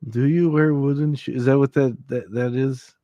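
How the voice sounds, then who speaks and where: A man's voice: medium pitch, fairly even intonation, moderate pace, no room sound, highs cut off. A man hosting a late-night livestream, joking and laughing as he reads chat requests aloud. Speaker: livestream host.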